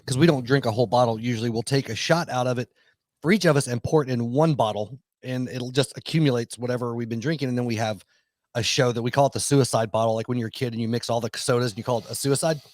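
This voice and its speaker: A man's voice: medium pitch, fast talker, a little mellow, dry recording. A man hosting a podcast in a laid-back, joking chat. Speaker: podcast host.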